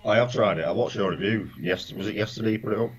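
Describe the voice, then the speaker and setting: A man's voice: on the low side, very fast. A man co-hosting a casual live stream, chatting in a laid-back, teasing way. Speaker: co-host.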